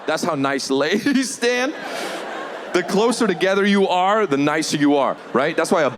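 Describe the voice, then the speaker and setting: A man's voice: high voice, expressive, measured pace, noisy background. A man doing a brash, provocative stand-up comedy set, swearing freely. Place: comedy club stage.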